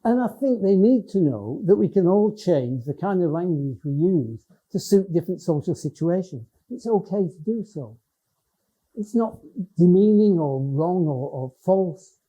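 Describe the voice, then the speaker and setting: An older man with a northern English Cumbrian accent delivers a public lecture in a loose, conversational way, often restarting his phrases. His voice is very dark and somewhat husky. The recording sounds dull and lo-fi. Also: high voice, animated, measured pace. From Lake District, England. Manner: conversational, with frequent restarts and hesitations. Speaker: education professor giving a talk.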